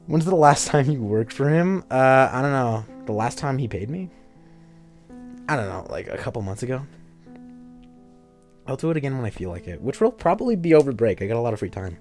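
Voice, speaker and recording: A young man live-streaming a game, bantering loosely with his chat and cursing offhand. His pitch bounces around a lot as he jokes. Soft guitar music plays faintly behind him. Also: big pitch swings, a little fast, long pauses. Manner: joking, swears casually, banters with chat. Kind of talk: casual live-stream chat while playing a story game.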